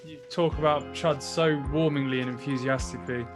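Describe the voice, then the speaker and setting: A man's voice: medium pitch, fairly even intonation, fairly quick, over music. A man co-hosting a casual podcast, teasing his partner and reacting to his story. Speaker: podcast co-host.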